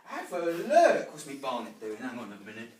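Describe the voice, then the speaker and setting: A man playing a brash Cockney geezer with loud rhyming-slang patter, in a live one-man comedy show in a living room. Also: medium pitch, huge pitch swings, moderate pace. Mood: cocky. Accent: put-on Cockney. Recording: roomy sound from a distant mic.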